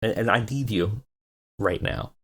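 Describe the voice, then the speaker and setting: A man's voice: fairly low pitch, a little slow, fairly bright tone, breathy edge. A man voicing a pushy male wrestling gang leader in a game let's play, pleading and urgent, always starting with "listen".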